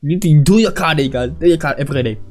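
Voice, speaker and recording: Excitable man reacting to a video. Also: fairly high pitch, very fast. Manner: excitable, laughs a lot, talks to chat as "bro" and "guys". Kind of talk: casual reaction commentary.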